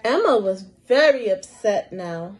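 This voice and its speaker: Slow sing-song woman reading to kids. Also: mid-range voice, expressive, rough recording. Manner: slow, sing-song, encouraging teacher talk with questions to children. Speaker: preschool teacher. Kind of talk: storybook read-aloud lesson for young children.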